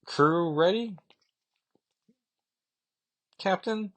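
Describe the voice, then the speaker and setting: A man's voice: sits high, very slow, a bit bright, voice pushed up, heavily acted. A man putting on a poised woman captain. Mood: rallying. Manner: mock-British put-on voice, theatrical reading. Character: commanding woman ship captain, poised and grand.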